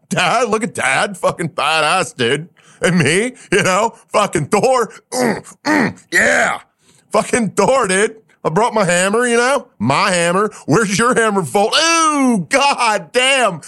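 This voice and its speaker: A man voicing a young, brash male thunder god who talks like a loud gym bro, full of dude and man. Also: high voice, expressive, a little slow, heavily acted. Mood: cocky.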